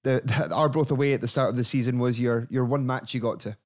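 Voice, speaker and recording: A man hosting a podcast interview, upbeat and quick to laugh. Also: medium pitch, steady tone. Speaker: podcast host. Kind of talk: casual chat.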